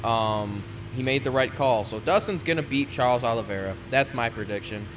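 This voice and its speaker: A man's voice: medium pitch, a little fast, noisy background. Blunt, swearing man on a podcast. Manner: confident, blunt, swears freely. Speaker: podcast co-host. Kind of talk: casual podcast chat.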